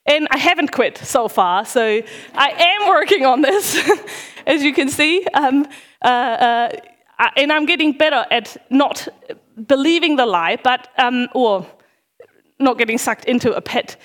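A woman's voice: high voice, expressive, measured pace, fairly bright tone. Chatty woman giving an informal sermon. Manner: chatty, self-deprecating, many fillers. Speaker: parish worker giving a talk.

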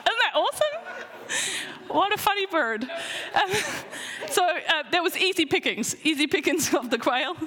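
High-voiced woman preaching in an echoing hall. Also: normal speed, few pauses. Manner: chatty, animated, many fillers and restarts. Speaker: preacher teaching a Bible lesson. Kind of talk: casual church talk.

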